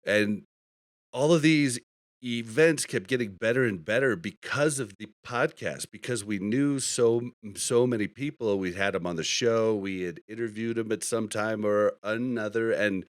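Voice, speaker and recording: Laughing often, a man with a fairly low voice hosts a podcast full of rambling stories and casual talk. He keeps a moderate pace, and the studio audio is clean and echo-free.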